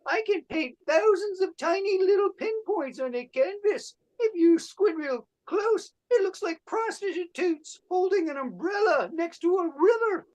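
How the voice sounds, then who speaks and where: A man voices a leering painter preening over his canvas. The voice is squeaky and sing-song, pitched well above his usual range and heard over a video call. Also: animated, measured pace, hardly any pauses, a little mellow. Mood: smug. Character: giddy, leering male painter showing off.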